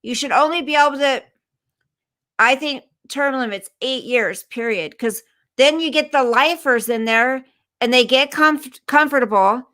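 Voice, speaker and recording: A woman's voice: high voice, a little slow, sharp tone, no echo. Woman, livestream host, indignant rant, frequent swearing, reads news aloud, dry close sound. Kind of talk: casual livestream commentary.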